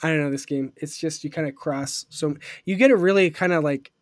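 Young guy hosting a podcast, kinda high voice, rambly and excited, super dry close mic. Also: fairly quick, no room sound. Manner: rambling, enthusiastic, lots of fillers and laughs. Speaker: podcast host. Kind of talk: casual chat.

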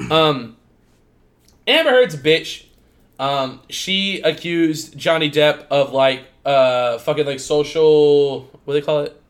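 A man's voice: a little high, slow pace. A young man co-hosting a casual podcast, rambling and swearing, filling his talk with "like.". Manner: rambling, profane, heavy use of "like". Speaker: podcast co-host.

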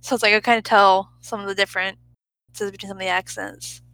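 A woman's voice: mid-range voice, fairly even intonation, quick pace, pushed and bright, no echo, rough recording. A woman in casual chat who swears freely, laughs often and trails off mid-sentence.

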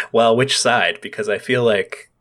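A man's voice: mid-range voice, measured pace, fairly bright tone. A Canadian man co-hosting a podcast, playful and giggly as he trades jokes. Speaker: podcast co-host. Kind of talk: casual podcast banter.

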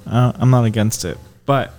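A young man co-hosting a podcast in casual chat, bashful and quick to laugh when pushed. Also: medium pitch, fairly even intonation, a little mellow. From mixed Chinese, Spanish and white heritage. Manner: bashful, laughs often, reluctant. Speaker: podcast co-host.

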